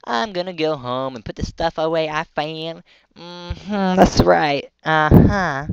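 A man's voice: on the high side, slow, vocal fry, clear, resonant tone, no room sound. A young man hosting a casual gameplay video, rambling and chatty with frequent giggles. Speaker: gaming channel host. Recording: dull lo-fi dry mic.

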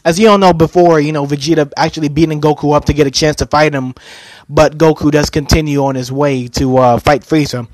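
A young man retells an anime plot in a loose, casual way, and his voice sits a little high for a man. He stumbles through restarts and fillers as he goes. The sound is close and dry. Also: no room sound. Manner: hesitant, many fillers and restarts. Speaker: anime reviewer.

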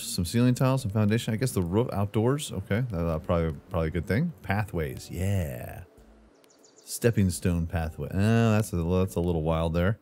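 A man's voice: on the low side, warm tone. A man casually commentating while he plays a house-building game, joking with himself and calling out what he builds. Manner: playful, talks to himself, jokey asides like "brother". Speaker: gaming channel host. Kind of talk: casual let's-play commentary.

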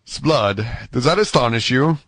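A gallant musketeer, as a male narrator voices him answers with courtly defiance. The voice sits at a middle pitch, and the recording is dry and close. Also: expressive, unhurried, fairly bright tone, dry recording. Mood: defiant.

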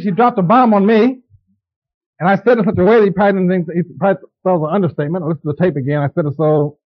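A man preaching a sermon, talking to his congregation in a conversational way with frequent asides and questions. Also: sits high. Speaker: pastor. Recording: dull lo-fi tape recording.

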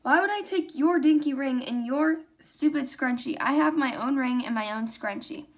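Sour suspicious young girl for a storybook, read by a young woman, high-pitched. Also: normal speed, natural voice.

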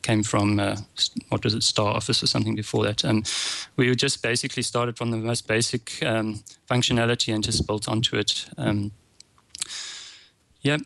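A man's voice: on the low side, flat delivery, normal speed, vocal fry, a bit bright, dry recording. A man with a South African accent, answering interview questions with many fillers and restarts. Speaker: guest, open source developer.

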